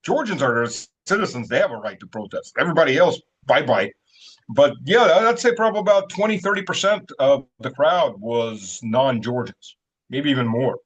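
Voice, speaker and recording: A man's voice: medium pitch, lively intonation, normal speed, husky. A man talking casually as an interview guest, rambling with many fillers and chuckling at his own stories. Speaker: guest, military-political commentator.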